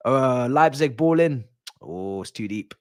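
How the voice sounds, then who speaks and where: A young man riffs through a football watch-along in slangy, laughing banter. He sits close to the mic in a dry, dead-sounding room, his voice pitched at an ordinary middle height, and he breaks into loud yelps whenever a chance goes close. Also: no echo. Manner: laughing, nostalgic banter with slang, loud bursts at near-misses.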